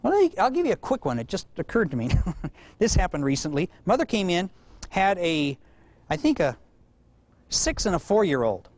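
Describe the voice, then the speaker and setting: High-pitched, animated man lecturing. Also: normal speed, long pauses, dry recording. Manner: animated, acts out quoted voices, laughs at own stories. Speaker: parenting educator. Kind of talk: storytelling lecture to a live audience.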